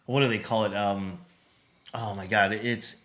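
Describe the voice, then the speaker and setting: A man co-hosting a relaxed movie chat, his voice sitting a little low yet bright and forward. He retells film scenes in an animated way, slipping into quoted lines as he goes. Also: measured pace. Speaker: podcast co-host. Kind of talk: casual chat.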